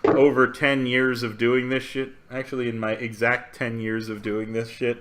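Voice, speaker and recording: Male podcast host, mid-pitched voice, chatty and giggly, stumbles over repeated words, swears freely. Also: level tone, normal speed, a bit bright. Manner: laughs often, repeats words, swears casually. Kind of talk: casual chat.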